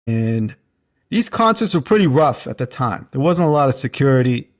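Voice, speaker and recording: A man's voice: medium pitch, sing-song, normal speed. Man, podcast host, from Canada, casual interview, eager storyteller. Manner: enthusiastic storytelling.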